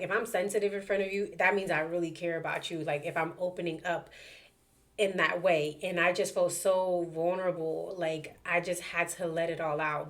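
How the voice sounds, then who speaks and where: A young adult woman telling a personal story casually to camera, animated and chatty, with many fillers and repeated words. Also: lowish voice. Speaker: vlogger sharing a personal story.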